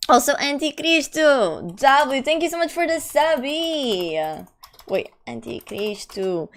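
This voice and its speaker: A young woman hosts a live stream in casual, talkative chat, her voice sitting a little high. She reads her viewers' messages aloud and answers in quick, slangy bursts. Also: sing-song.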